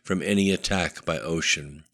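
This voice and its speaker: A man narrating a thriller audiobook in a steady, measured way. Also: low voice, no room sound, studio quality.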